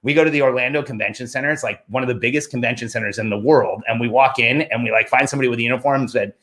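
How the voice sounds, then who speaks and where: With a mid-range voice and a very fast pace, a middle-aged man spins a casual story from his own life. He quotes others and himself with animation, going up in pitch on his own remarks.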